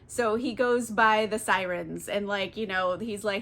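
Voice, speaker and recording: A woman's voice: mid-range voice, measured pace, few pauses, a bit bright. A tipsy woman retelling a classic book as a casual comedic recap, rambling, swearing and giggling. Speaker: book vlogger.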